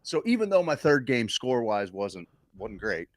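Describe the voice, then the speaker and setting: A man co-hosting a casual comedy podcast, talking in an animated, teasing way and swearing freely. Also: mid-range voice, normal speed, no room sound. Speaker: podcast co-host. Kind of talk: casual chat.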